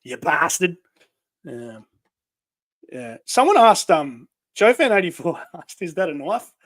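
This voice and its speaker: A man with an Australian accent co-hosts a casual livestream, reading out viewer comments, using lots of fillers and laughing often. His voice sits high and is very animated, a little slow, in a dry recording.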